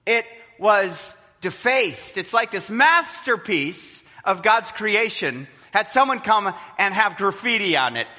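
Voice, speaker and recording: A man preaching a sermon as pastor, lively, sometimes acting out the voices of people in his stories. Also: high-pitched, slow pace, hardly any pauses. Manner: animated preaching, acts out quoted voices. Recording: long hall reverb.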